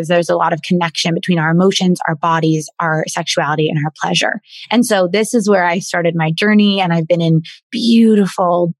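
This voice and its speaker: A woman coach telling her personal story in an interview, earnest and animated, often repeating and restarting words. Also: lowish voice, no echo. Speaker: guest, women's coach. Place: in Bali.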